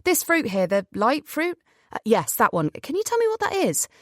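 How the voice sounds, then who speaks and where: In an audiobook, a woman voices a playful, joking young man on holiday, pitching a full character voice above her own. Her voice is high and fairly bright with wildly swooping pitch at normal speed, recorded in a clean studio with no echo.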